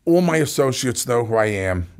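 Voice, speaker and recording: A man with a strong New York accent, a company executive being interviewed, talking casually and telling animated stories with many fillers. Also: mid-range voice, moderate pace, creaky, smooth.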